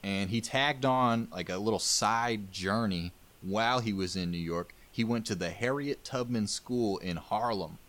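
Low-voiced guy rambling thru some history, swears a lot, jokey. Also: measured pace, few pauses, fairly bright tone. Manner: loose, profane, jokey storytelling. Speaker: podcast co-host. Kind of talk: casual history chat.

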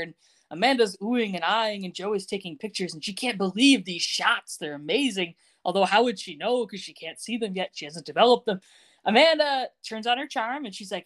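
Speaking a little fast in a mid-pitched voice, a female podcast co-host casually goes over a TV episode, laughing frequently as she chats.

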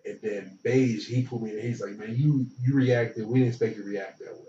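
A young man telling a college football story in relaxed, slangy talk, acting out what others said. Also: fairly low pitch, brisk, slight background noise. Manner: relaxed, slangy, animated retelling with quoted dialogue. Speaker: former football player, guest. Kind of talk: casual storytelling. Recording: roomy, distant, dull lo-fi sound.

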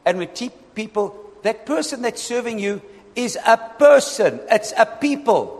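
A male pastor preaching a lively sermon, often calling out to his congregation for responses. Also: sits high, measured pace. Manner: animated, asks the congregation for responses. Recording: long reverb in a hall.

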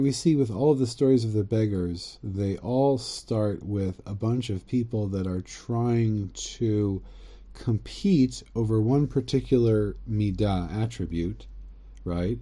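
Dark-voiced rambling man teaching. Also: fairly low pitch. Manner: rambling, joking asides, frequent "right?"; reads Hebrew text aloud and translates. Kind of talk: casual Torah lesson podcast.

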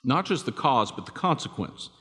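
A man's voice: medium pitch, big pitch swings, moderate pace, bright, forceful tone. A man preaching a sermon as pastor, talking conversationally and asking his listeners rhetorical questions. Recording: long hall reverb.

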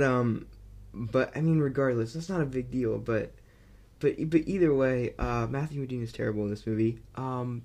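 A man giving a casual, rambling movie review, excitable and amused, full of fillers and restarts. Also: mid-range voice.

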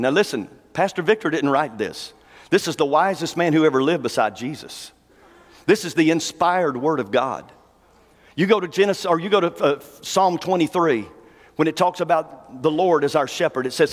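A pastor preaching a sermon in a folksy, conversational way and slowing down to read scripture. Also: male voice, on the high side, lively intonation. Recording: long hall reverb.

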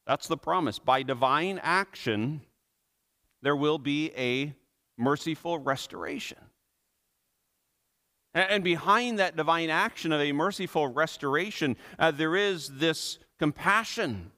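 A pastor preaching a sermon to his congregation, earnest and emphatic, slowing down and repeating phrases for stress. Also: fairly high pitch, fairly bright tone. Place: church.

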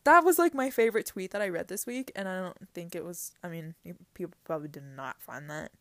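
A woman's voice: fairly low pitch, brisk, no room sound. A young woman hosting a casual solo podcast, chatty and giggly, rambling with lots of fillers. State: teary-eyed. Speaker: podcast host.

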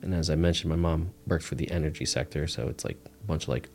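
A man's voice: a bass voice, fast talker, faint music behind. A man sharing a personal testimony as a guest in a casual, rambling way, full of "like" fillers. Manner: relaxed, rambling, heavy use of "like" fillers. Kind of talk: casual storytelling interview.

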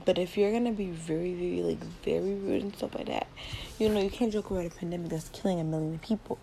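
A woman's voice: fairly low pitch, fast, vocal fry, mellow, slight background noise, low-quality recording. Rambling teen girl on a laptop mic. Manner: rambling, repeats words, giggly. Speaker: podcast host. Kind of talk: casual late-night podcast chat. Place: home at night.

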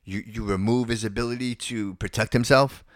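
A man's voice: lowish voice, fairly even intonation, normal speed, no room sound. Man, podcast host, indignant rant, stammering restarts, dry close sound. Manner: stammering, repeats words and restarts phrases; opinionated and indignant. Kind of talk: casual opinion rant.

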